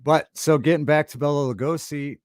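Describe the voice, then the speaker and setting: Halting, rambling male livestream host. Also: a little high, fairly even intonation, dry recording, studio quality. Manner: halting and rambling, many fillers and restarts. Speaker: livestream talk show host. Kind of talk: casual livestream chat reading viewer comments. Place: home studio.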